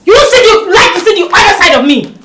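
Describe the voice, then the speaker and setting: A scornful Nigerian bride. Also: female voice, very high-pitched, big pitch swings, brisk. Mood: shouting. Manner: scornful, bossy, shouting. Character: arrogant new bride ordering in-laws out. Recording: noisy background.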